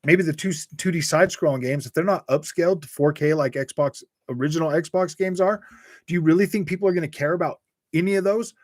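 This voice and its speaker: A laid-back young man talks through a live gaming stream, rambling from one point to the next and chuckling as he answers viewers. His voice sits a little high for a man, and the sound is dry and close with no room around it. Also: brisk, no room sound. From Utah. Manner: rambling, laughs often, says dude and bro a lot. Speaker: gaming channel host reading live chat. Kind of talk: casual livestream chat.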